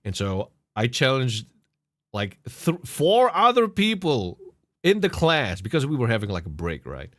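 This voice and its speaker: A man co-hosting a podcast, telling a story in a casual, profane, animated way and laughing often. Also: mid-range voice, unhurried, no echo, studio quality. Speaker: podcast co-host.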